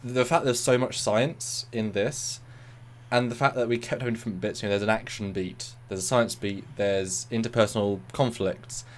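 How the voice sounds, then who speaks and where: A man co-hosting a casual review chat, talking in animated bursts and repeating words. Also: lowish voice, moderate pace. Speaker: co-host of a review show.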